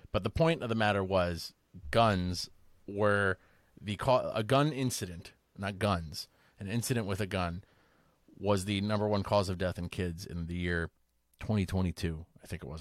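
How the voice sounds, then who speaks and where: Low-voiced casual podcast host. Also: male voice, no room sound. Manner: rambling, restarts, lots of "like". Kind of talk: casual discussion.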